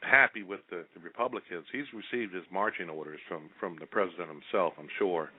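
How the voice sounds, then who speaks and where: A man's voice: sits low, a little fast, narrow, tinny audio. Blunt guy hosting a political chat, rambles and repeats himself, sounds like over the phone. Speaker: talk show host. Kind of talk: casual political talk.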